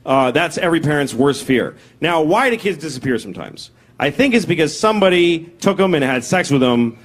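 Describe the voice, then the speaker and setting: Fairly high in pitch, expressive and a little fast, this man in his forties works through a stand-up routine before a live audience. His storytelling is crude, blunt and self-deprecating, and the stage recording captures the crowd laughing.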